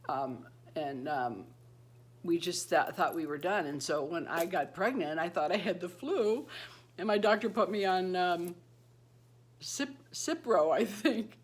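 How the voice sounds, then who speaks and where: A woman's voice: sits low, slightly rough. A retired woman in her fifties chats to camera about married life. She rambles from one thought to the next, laughs often, and acts out the voices of people she quotes. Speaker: beauty vlogger. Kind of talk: casual chat to camera.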